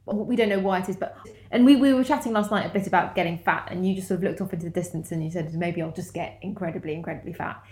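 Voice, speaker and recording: A woman's voice: mid-range voice, steady tone, rapid-fire, darkish tone. A playful, chatty woman in casual conversation. Her voice has a roomy echo around it. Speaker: podcast co-host. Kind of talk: casual chat.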